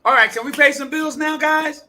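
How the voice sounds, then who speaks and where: A man's voice: very high voice, steady tone, normal speed, pushed and bright. A man hosting a casual group chat show, playful and teasing, often laughing. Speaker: host.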